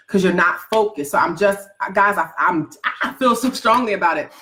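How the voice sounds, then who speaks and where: An emphatic woman delivers a motivational vlog talk in a slangy, casual way. She is preachy and hammers home rhetorical questions, with her voice sitting at a middle pitch. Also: normal speed, hardly any pauses, bright, forceful tone, slight background noise. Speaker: book coach and entrepreneur.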